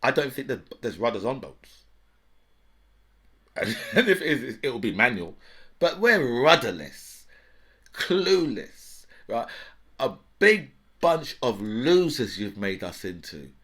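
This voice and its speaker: A man's voice: medium pitch, big pitch swings, takes it slowly, a bit bright. A middle-aged man giving an indignant, mocking political rant, tagging lines with "right?" and "yeah". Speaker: political commentator. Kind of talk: ranting political monologue.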